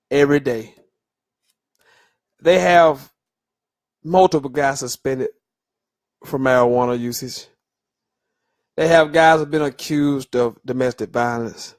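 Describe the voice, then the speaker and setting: A middle-aged man hosting a solo sports talk podcast, loose and opinionated, with fillers and stumbles as he reads through lists. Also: a little high.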